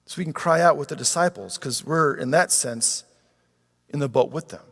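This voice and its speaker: Brief: male pastor, sermon delivery, slightly high voice, lively, long hall reverb. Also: normal speed, vocal fry, husky. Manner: animated, acts out quoted pleas with rising pitch.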